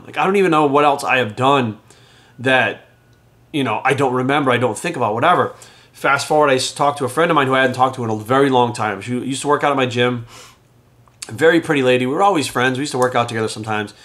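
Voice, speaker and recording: A middle-aged man telling his own story in a frank, conversational way, swearing casually and getting animated as he recalls events. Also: medium pitch. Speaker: podcast host telling his recovery story. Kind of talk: candid personal storytelling.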